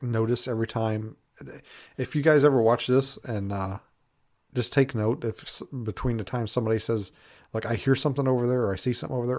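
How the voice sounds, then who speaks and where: A man's voice: fairly low pitch, a little mellow. A man in casual, rambling commentary with lots of fillers, sounding a little congested. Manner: rambling, many fillers, laughs at own jokes. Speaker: Bigfoot researcher reviewing a TV show.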